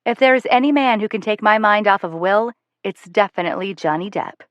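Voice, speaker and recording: A woman's voice: medium pitch, fairly quick, fairly bright tone, no room sound. Woman narrating a first-person audiobook.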